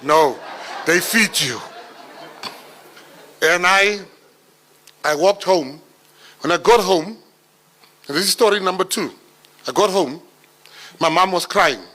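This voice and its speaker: South African man, middle-aged, brisk storyteller, bright forceful tone, voice sits a bit high. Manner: animated, comic storyteller. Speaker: public speaker. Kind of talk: storytelling talk.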